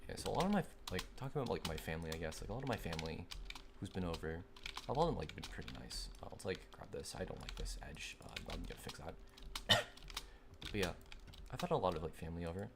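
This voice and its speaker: A young man chats loosely while streaming a game, rambling through fillers and quick gripes. His low voice has a gravelly edge. The mic is noisy, with typing and keyboard clicks behind him. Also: big pitch swings. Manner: rambling, filler-heavy, easily irritated. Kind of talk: casual gaming stream chat. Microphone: desk microphone.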